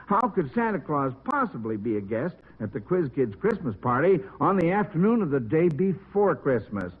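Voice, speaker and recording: Male quiz host, 1940s radio: husky, high voice, folksy enthusiasm, tinny old broadcast sound. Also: big pitch swings, normal speed. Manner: folksy and enthusiastic, many exclamations.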